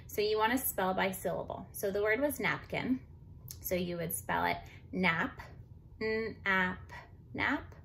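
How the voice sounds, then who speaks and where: A woman teacher walking young students through spelling and marking up words, sounding out each syllable and letter slowly and clearly. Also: medium pitch, a bit bright, slight background noise. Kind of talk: recorded phonics review lesson. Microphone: computer microphone.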